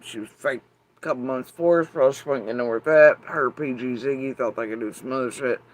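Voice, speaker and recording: A woman with a deep voice and an Appalachian accent, ranting to camera in a profane, sarcastic monologue. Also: fast. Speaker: vlogger.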